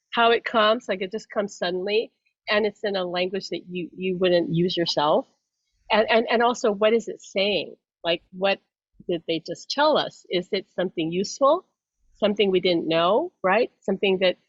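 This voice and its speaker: A woman's voice: medium pitch, moderate pace, slightly rough, no echo. A woman psychic medium talks through her ideas in a loose, rambling way. She trips over restarts and laughs as she goes. The audio is dull and lo-fi, with a dry, close sound. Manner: rambling, self-interrupting, laughs often. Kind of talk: casual explanatory chat.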